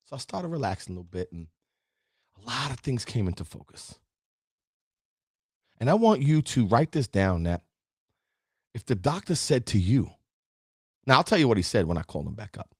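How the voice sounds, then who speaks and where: A man's voice: mid-range voice, sing-song, moderate pace, pauses often, husky, dry recording, clean studio sound. A middle-aged man hosting a live motivational stream, talking straight to his viewers and the chat. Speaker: host of a live positivity show.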